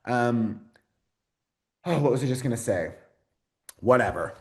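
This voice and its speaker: A man hosting an astrology video, talking casually and excitedly to his viewers, rambling with lots of fillers and frequent swearing. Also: medium pitch, a little slow. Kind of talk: casual unscripted talk to camera.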